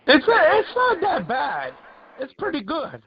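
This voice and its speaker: High-voiced man chatting slowly, lo-fi. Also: wildly swooping pitch, a crowd in the background. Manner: unhurried, chuckling banter. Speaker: co-host. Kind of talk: casual chat. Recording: dull lo-fi audio.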